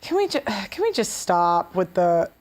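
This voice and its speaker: A woman's voice: medium pitch, big pitch swings, measured pace, a little mellow. A woman hosting a show, giving blunt, sarcastic and profane reaction commentary on clips. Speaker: show host.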